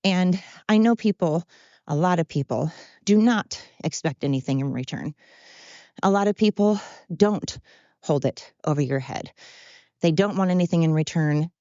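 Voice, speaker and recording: Woman, podcast host, deep-pitched, rambling, self-deprecating, dry sound. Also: expressive, moderate pace, warm tone, no echo, lo-fi sound. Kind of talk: candid monologue.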